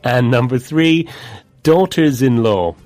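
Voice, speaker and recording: Man, English teacher, slow measured delivery, lively intonation, dry studio. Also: medium pitch, no echo, soft background music. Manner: clear, measured explanations with demonstrated stress. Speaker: co-presenter of an English vocabulary programme. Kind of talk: scripted teaching dialogue.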